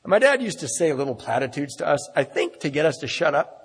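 A man tells a personal story to a live room, candid and wry, poking fun at himself. His voice is husky and sits a little high. The sound carries a long reverb from a large hall. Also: sing-song, fast. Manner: candid, self-deprecating, wry.

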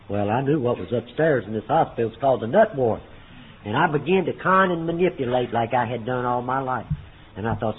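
A man speaking at a recovery meeting, telling his story in a folksy way, booming on punchlines and dropping low for quoted lines. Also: animated, fast talker. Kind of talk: personal testimony to a meeting. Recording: tinny phone-like recording with faint noise.

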